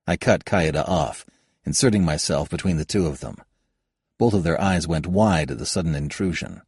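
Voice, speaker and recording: A man narrating an audiobook in the first person, telling the story calmly. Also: very deep voice, normal speed, slightly rough, no echo, clean studio sound. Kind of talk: scripted narration.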